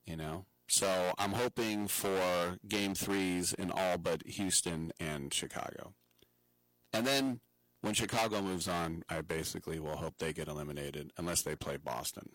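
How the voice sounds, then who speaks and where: A man's voice: low voice, unhurried, fairly bright tone, no echo, poor audio. A man hosting a sports radio show, talking baseball in an opinionated, jokey way and laughing at his own puns.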